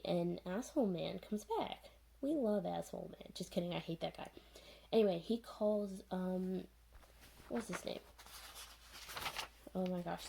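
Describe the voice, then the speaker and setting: A woman's voice: mid-range voice, gravelly, mellow, low-quality recording. A young woman giving a sarcastic, chatty recap and commentary on a show, full of "like" and "anyways". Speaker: video reviewer.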